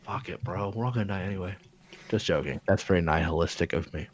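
A man with a very low voice in loose, joking casual chat, cursing now and then. The sound is a little dull and muffled. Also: quick pace, slight background noise. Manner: loose, joking, swears freely.

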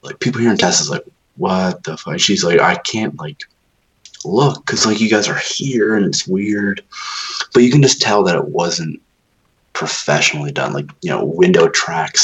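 Deep-voiced man, profane and rambling. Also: animated, normal speed, fairly bright tone, rough recording. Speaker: new homeowner. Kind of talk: casual chat.

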